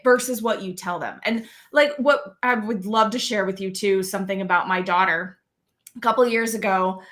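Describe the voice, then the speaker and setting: A woman's voice: on the high side, fairly bright tone. A middle-aged woman, a guest, telling a parenting story in an earnest way and often adding "right?". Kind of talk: casual chat.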